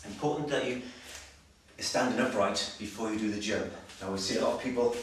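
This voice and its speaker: A slightly breathless male personal trainer demonstrating exercises, giving brisk, direct coaching with frequent check-ins. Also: lowish voice. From Wales. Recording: very echoey, distant, noisy room sound.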